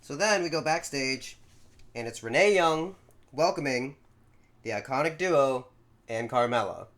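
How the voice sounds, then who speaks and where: A man with a mid-range voice and a measured pace co-hosts a podcast, casually recapping events. He tells the story in an animated way, acting out the quotes as he goes.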